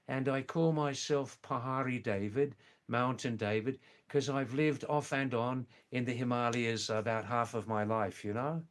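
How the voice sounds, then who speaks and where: In an unhurried live stream chat, an older retired man from England and Australia goes through his viewers' comments. His voice sits at medium pitch, and his slow, gentle delivery is repetitive, with frequent "yes" and "you know."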